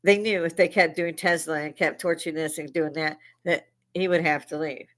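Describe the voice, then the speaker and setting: An older woman hosting a live stream, delivering a heated, profane political rant that keeps rising into shouting. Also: deep voice, fairly even intonation, normal speed. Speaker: livestream host. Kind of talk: veteran speaking.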